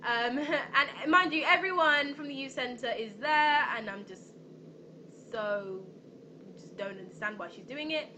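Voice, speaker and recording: Young woman, storytime vlog, rambling, many ums, slightly high voice, noisy background. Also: unhurried, bright, forceful tone. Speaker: vlogger.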